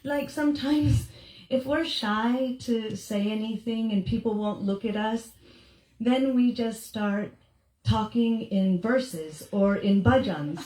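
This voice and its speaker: A woman's voice: a little high, slow, a little mellow. A middle-aged woman speaking as a devotional speaker to a gathering, telling anecdotes animatedly, acting out the people she quotes and laughing often. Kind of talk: storytelling talk to a gathering. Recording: echoey room.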